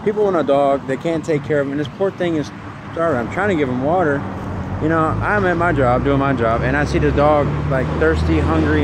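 A man's voice: a little high, fairly quick. A man filming a phone vlog outdoors at work, ranting and swearing in anger. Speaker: vlogger. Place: outdoors at a work site, near traffic. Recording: outdoor traffic noise.

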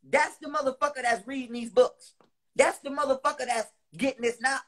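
A man delivering a heated, profane monologue to his viewers. He repeats lines for emphasis, with loud bursts between lower, quieter stretches. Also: brisk. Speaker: online speaker.

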